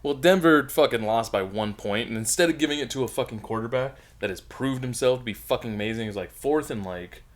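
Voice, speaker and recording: A man's voice: medium pitch, quick pace, few pauses. A young man in his twenties co-hosting a casual chat, swearing constantly and laughing a lot. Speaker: podcast co-host.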